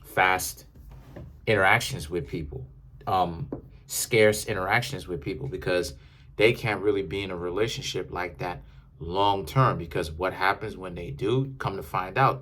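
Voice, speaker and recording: A tarot reader with a deep, slightly bright voice gives a casual, rambling reading at a moderate pace. He's conversational and often corrects himself as he goes.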